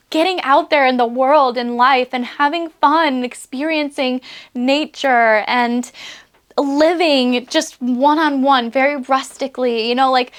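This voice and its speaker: Bubbly high-voiced young woman reading tarot. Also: a bit bright. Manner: bubbly, giggly, fills talk with "like". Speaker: tarot reader. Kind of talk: casual tarot reading to camera.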